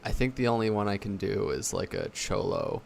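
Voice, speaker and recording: A man's voice: lowish voice, big pitch swings, fairly quick, vocal fry, slight background noise. A man co-hosting a podcast in easygoing casual chat, often restarting his sentences and laughing along. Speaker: podcast co-host.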